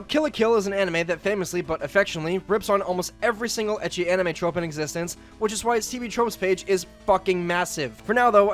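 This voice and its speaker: A man hosting a video essay, narrating a script in a brisk, emphatic way. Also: sits high.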